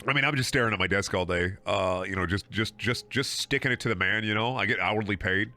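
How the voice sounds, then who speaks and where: A man's voice: fairly low pitch, a little fast, bright, forceful tone. A man streaming a video game, talking in a sarcastic, rambling, profane way with frequent laughing and repeated words. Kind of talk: casual game livestream commentary.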